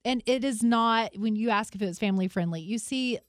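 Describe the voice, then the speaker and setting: A woman's voice: fairly high pitch, fairly quick, no room sound, clean studio sound. A woman co-hosting a morning radio show, telling a funny story with lots of laughter and gushing energy. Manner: excitable, laughs often, gushing. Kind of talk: animated on-air storytelling. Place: radio studio.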